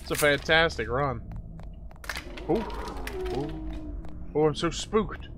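A man's voice: a little high, expressive, slow, noisy background. A man commenting on a horror shooter as he plays, reacting in jumpy exclamations and laughs. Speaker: gamer playing a horror shooter. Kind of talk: let's play commentary. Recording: game music playing behind.

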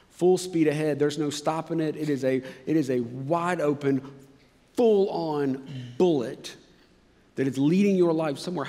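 A male pastor giving a sermon in a conversational, emphatic way, dropping suddenly quiet at times. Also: on the high side, long reverb tail. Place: church sanctuary.

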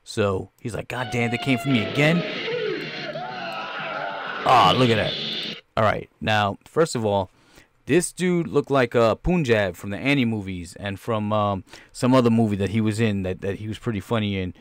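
A man hosting a podcast, reacting casually to a movie trailer in a rambling, excitable, profane way. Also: on the low side, normal speed, no room sound, soft background music. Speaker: podcast host.

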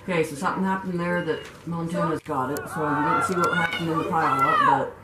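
A woman's voice: on the low side, huge pitch swings, fast. An older grandmother cheering and chatting casually on the sidelines of a football game, recorded outdoors. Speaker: sideline commentator. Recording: roomy, distant, noisy outdoor recording.

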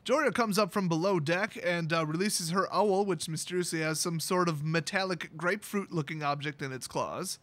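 A man with a high, bright, sharp voice casually recaps a fantasy story for his channel. He rambles with plenty of fillers and throws in sarcastic, irreverent jokes as he goes. The sound is close and dry. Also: normal speed, hardly any pauses, no echo. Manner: loose, rambling delivery with many fillers. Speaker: YouTube host recapping a story.

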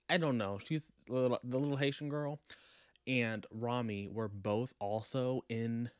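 A man recapping a book for his vlog in a casual, animated, sassy way, acting out quotes as he goes. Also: medium pitch, smooth, dry recording, studio quality. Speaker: book vlogger.

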